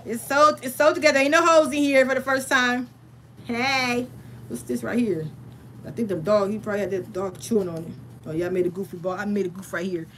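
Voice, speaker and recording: A woman in her thirties chats casually with her livestream viewers, calling them y'all. Her voice sits a little high and rings bright and forceful. A faint hiss sits under her voice in the room at home. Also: fairly even intonation, brisk. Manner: chatty and familiar, addresses viewers as y'all. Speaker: crafting livestream host.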